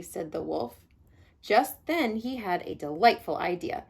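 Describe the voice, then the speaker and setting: A woman reading a picture book aloud to children, expressive and adding chatty asides as she goes. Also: medium pitch, measured pace. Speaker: read-aloud storyteller.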